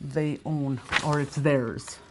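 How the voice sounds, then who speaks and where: A middle-aged woman teaching a recorded language lesson, patiently repeating words slowly and explaining step by step. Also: a bass voice, steady tone, noisy background.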